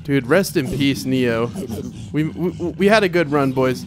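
Over soft music, a young man narrates his gameplay in a relaxed yet animated way, yelping and repeating himself whenever things go wrong. His medium-pitched voice is unhurried, with a slight hiss or hum in the recording.

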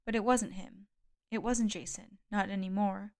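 A woman reading a thriller audiobook aloud in a measured, calm storytelling manner. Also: medium pitch. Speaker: audiobook reader. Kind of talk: scripted narration.

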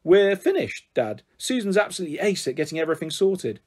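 An excitable young girl bubbles through a storybook scene, as a man reads her aloud. Her lifted, bright voice runs high and eager, full of make-believe. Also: fairly quick. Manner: bright, eager, raised girlish pitch.

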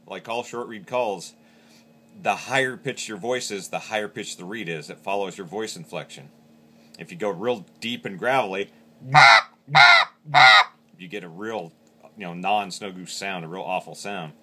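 A man's voice: low voice, moderate pace, long pauses, a bit bright, a little hiss or hum. A man teaching how to use a game call, explaining each step plainly. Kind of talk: hands-on instructional demo.

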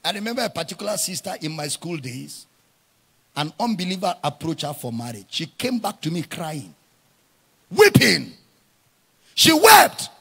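A male pastor preaching a sermon, often shouting his lines and stretching words out for emphasis. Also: high-pitched, very animated, gravelly, breathy edge. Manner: drawn-out emphatic phrasing.

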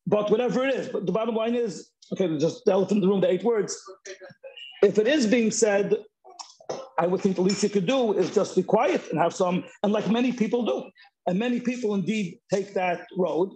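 High-voiced man talking on a video call. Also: warm tone, slight background noise, low-quality recording. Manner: halting, restarts often, mixes in Yiddish and Hebrew terms. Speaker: Zoom discussion participant. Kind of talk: casual chat.

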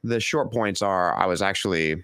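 A congested man, a guest on a podcast, telling his story in a measured, reflective way. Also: sits low, fairly bright tone, clean tone, dry recording, clean studio sound. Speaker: guest, performance coach. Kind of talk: casual interview chat.

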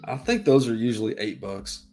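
A man hosts a livestream in an easygoing, chatty way and greets viewers as they arrive. His voice sits at a middle pitch. Faint music plays behind him. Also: animated, normal speed, darkish tone. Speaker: livestream host. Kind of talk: casual chat.

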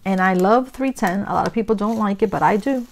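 A woman's voice: medium pitch, fairly quick, gravelly, slight background noise. A middle-aged woman chatting casually while she crafts, telling stories and acting out the dialogue with big reactions. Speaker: craft vlogger.

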